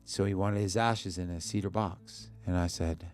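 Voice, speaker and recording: A man's voice: sits low, steady tone, normal speed, darkish tone, faint music behind. A man, a musician guest on a podcast in a studio, telling a personal story in short bursts and acting out the dialogue he quotes. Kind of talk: emotional personal storytelling in an interview.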